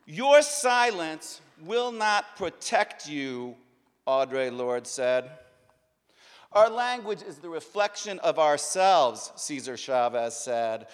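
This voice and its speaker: Slow, declamatory man in a reverberant hall. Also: a little high. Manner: declamatory, emphatic, measured delivery. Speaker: event host reading quotations. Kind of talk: dramatic spoken-word recitation. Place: large public hall. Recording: long reverb of a large hall.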